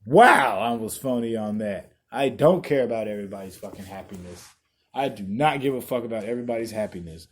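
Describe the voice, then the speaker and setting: A man hosting a podcast, ranting bluntly and profanely, loud one moment and muttering the next. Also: on the low side, brisk. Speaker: podcast host. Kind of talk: casual podcast rant.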